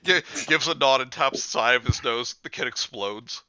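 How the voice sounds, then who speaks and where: A man joining a casual group read-aloud with joking, animated banter. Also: medium pitch, moderate pace, clean tone. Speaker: co-reader.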